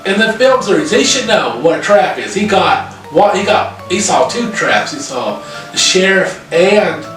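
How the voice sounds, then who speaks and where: A man casually recapping a horror film's plot, profane and animated, with lots of fillers. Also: high voice, unhurried. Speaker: podcast co-host reviewing a horror film. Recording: very echoey room, far from mic, music behind.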